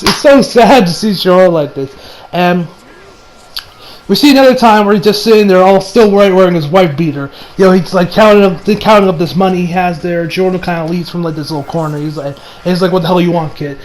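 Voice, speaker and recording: A man's voice: high-pitched, brisk, slight background noise, poor audio. A young man giving a casual, rambling anime review, full of slang and frequent laughter.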